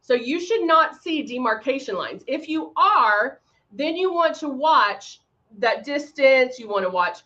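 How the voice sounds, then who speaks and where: A chatty woman hosts a live makeup tutorial, her voice set a little high. She sounds bright and forceful, greeting viewers by name between steps. The audio is dull and lo-fi. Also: lively intonation, a little slow. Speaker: makeup livestream host. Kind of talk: casual live tutorial chat.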